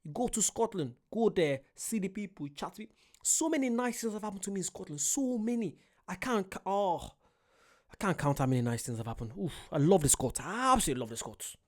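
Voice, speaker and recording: A man casually reacting to street interviews, talking in an animated, rambling way and often cutting himself off. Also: high-pitched, fairly quick. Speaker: reaction video host.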